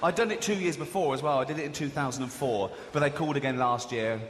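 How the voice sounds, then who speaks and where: Man, stand-up comedian, sarcastic and crude, long hall reverb, loud crowd noise. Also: mid-range voice, quick pace. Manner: sarcastic, crude, self-mocking storytelling. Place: large theatre stage with audience. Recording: live hall recording with loud audience. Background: audience laughter.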